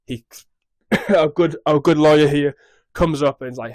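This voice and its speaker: A man's voice: a little high, normal speed. A young man casually recapping a show on his vlog in a scattered, rambling way, swearing freely. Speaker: YouTube recap host.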